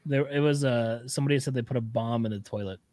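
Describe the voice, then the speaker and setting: Young male host, mid-pitched, plain, casual, leads the talk. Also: fast talker, mellow, no room sound. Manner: plain, asks the questions, steers the chat. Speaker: podcast host. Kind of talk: casual podcast banter.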